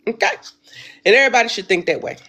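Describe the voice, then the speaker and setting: Animated woman hosting a livestream. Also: mid-range voice, quick pace, husky. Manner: animated, exclaiming, calls listeners baby. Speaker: host of a weekly affirmation livestream. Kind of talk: casual livestream chat.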